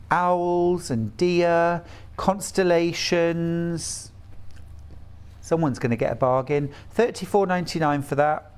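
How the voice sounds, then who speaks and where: A man's voice: a little high, a little mellow. Chatty enthusiastic male shopping presenter. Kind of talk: live sales presentation.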